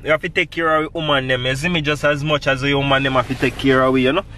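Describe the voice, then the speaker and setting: A man's voice: mid-range voice, steady tone, quick pace, pushed and bright, slight background noise. A man telling a rambling, laughing story in patois for his family vlog, out by a road at night. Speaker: family vlogger.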